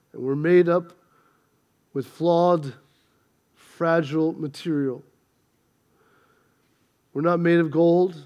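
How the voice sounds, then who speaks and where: A man preaches a Sunday sermon from the pulpit with a notably high voice. He builds to emphatic peaks and slips in light humor between scripture readings. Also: a little mellow. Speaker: pastor.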